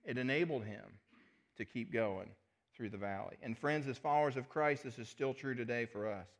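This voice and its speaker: A middle-aged male pastor preaching a sermon, earnest, often dropping his voice to a hush on key words. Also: mid-range voice, normal speed. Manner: earnest, drops to a soft hush on key phrases.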